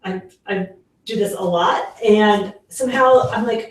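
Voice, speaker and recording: A woman's voice: medium pitch, measured pace. A woman giving a casual workshop talk to parents as a parenting educator, chatty with lots of fillers and acting out the lines she quotes. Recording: very echoey room, mic far off.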